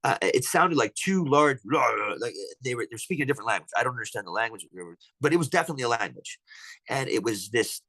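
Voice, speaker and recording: A man's voice: mid-range voice, expressive, fast, sharp tone, dry recording, low-quality recording. A man on a podcast telling a personal encounter story at length, rambling with many restarts. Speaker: podcast guest.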